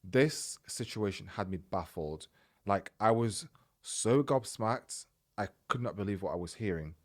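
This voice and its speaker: A man hosting a podcast, telling a personal story in a casual, animated way and acting out the dialogue. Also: on the low side, a little slow. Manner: animated, retells events by acting out quoted dialogue. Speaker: podcast host.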